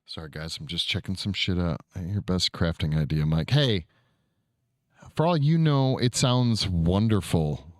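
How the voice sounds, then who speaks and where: A man's voice: deep voice, moderate pace, few pauses, no room sound, studio quality. A man hosting a casual livestream, reading chat aloud and answering viewers, with easy swearing. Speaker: streamer.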